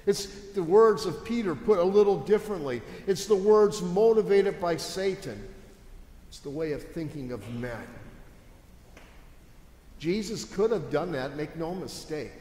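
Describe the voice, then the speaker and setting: A man's voice: sits high, expressive, unhurried, a little mellow. A male pastor giving a sermon in a conversational, emphatic way, asking his listeners rhetorical questions. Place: church sanctuary. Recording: echoey church with long reverb.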